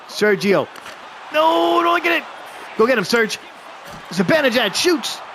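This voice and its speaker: A man giving excited play-by-play of a hockey video game he is playing, openly rooting for his team. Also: sits high, slight background noise.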